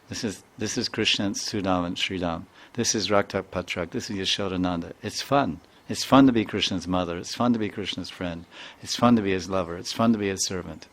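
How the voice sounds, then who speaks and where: A man's voice: low voice, fairly bright tone. An older man giving a devotional talk as a spiritual teacher, telling stories in emphatic, repeated phrases. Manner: repetitive, emphatic storytelling with Sanskrit terms.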